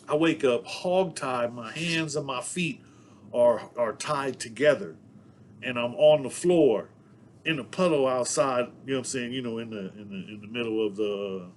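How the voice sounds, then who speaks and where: Man from San Diego, vlogger storyteller, mid-pitched voice, loose rambling delivery, constant fillers, laughs as he goes. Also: slight background noise. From Southeast San Diego, California. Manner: rambling, packed with "you know what I'm saying"; laughs between thoughts. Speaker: vlogger telling prison stories. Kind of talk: casual storytelling to camera.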